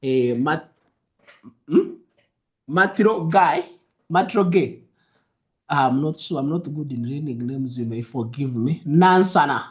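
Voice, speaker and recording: A young adult man hosts a live trading stream, greeting viewers and repeating himself in an upbeat way, dropping into soft asides. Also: on the high side, animated, slow, pauses often. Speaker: trading mentor hosting a livestream. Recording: lo-fi stream audio.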